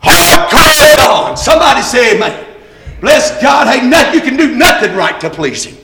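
A man preaching a shouted revival sermon, calling on the congregation to say amen. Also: very high-pitched, sing-song, normal speed, heavy background noise. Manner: call-and-response, repeatedly urging the congregation to say amen. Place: church sanctuary with congregation. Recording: echoey church with faint crowd.

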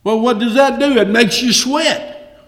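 A man preaching a sermon with passion, surging loud and high, then dropping low. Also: measured pace. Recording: echoey hall reverb.

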